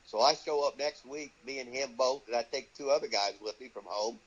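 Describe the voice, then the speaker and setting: A man's voice: medium pitch, brisk. An older man who trains wrestlers, telling profane stories in an interview and acting out the voices of the people he quotes. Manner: swears constantly, acts out quoted voices. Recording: dull lo-fi audio.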